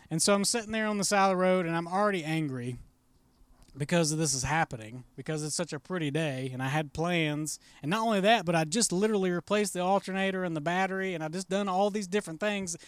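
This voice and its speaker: Man, pastor, storytelling sermon, casual and chatty, high voice, dry close sound. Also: smooth, no echo. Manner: casual, conversational, relives the story by acting out his own thoughts.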